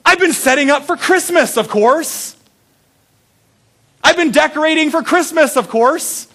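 A woman's voice: high-pitched, a little slow, a bit bright, voice pushed up. A man putting on a chirpy Minnesotan grandma. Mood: matter-of-fact. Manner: folksy, matter-of-fact. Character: frail cheerful old grandma in her eighties.

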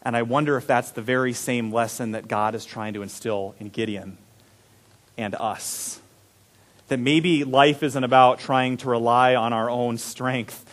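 A man preaching a sermon, animated and chuckling, sometimes dropping to soft low tones. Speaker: pastor.

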